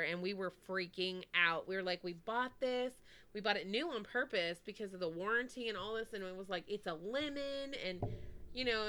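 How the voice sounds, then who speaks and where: A woman chats through a long personal story on a podcast, with a bright, crisp and smooth voice. She keeps circling back with "anyway" and sprinkles "like" through her sentences, in an easygoing conversational manner. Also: medium pitch. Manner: chatty, full of "like" and "anyway". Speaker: podcast co-host. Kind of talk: casual storytelling chat.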